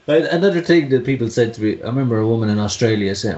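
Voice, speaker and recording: A man's voice: medium pitch, rapid-fire, hardly any pauses, dull audio. Laughing Irish man on a roomy call. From Ireland. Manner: animated, laughing, swearing storyteller. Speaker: podcast co-host. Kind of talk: casual chat. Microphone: video call.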